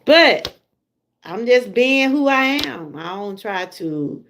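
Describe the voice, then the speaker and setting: A woman's voice: mid-range voice, lively intonation, slow pace, creaky, background noise. A middle-aged woman with a Southern US accent, chatting casually to her viewers on a livestream and laughing often. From Georgia, USA. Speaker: livestream host.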